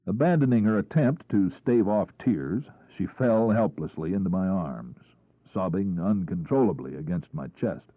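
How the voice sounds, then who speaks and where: A man reading a crime audiobook in the first person, in a measured storytelling delivery. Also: deep voice, lively intonation, dry recording. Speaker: audiobook narrator. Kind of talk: first-person scripted narration. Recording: tinny phone-like, husky, dry.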